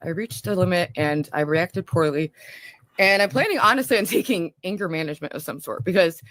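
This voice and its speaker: A woman's voice: on the low side, brisk, fairly bright tone, no room sound, clean studio sound. A woman talking casually on her livestream, scattered and rambling.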